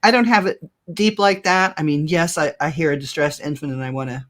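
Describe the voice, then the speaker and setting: Low-voiced woman explaining things. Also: a little fast. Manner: explanatory with many fillers. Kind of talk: casual chat.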